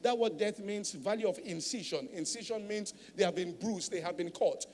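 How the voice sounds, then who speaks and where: Male pastor with a high voice, preaching with emphasis and frequent tag questions, in a reverberant hall. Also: moderate pace, a little mellow. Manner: emphatic teaching, tag questions like "all right?". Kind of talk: sermon.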